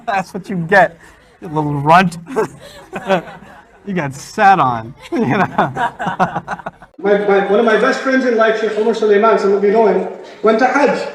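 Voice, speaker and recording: Animated man telling funny stories. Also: high-pitched, slow pace, pauses often, low-quality recording. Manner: animated, acts out quoted voices. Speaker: Islamic speaker. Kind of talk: humorous lecture storytelling.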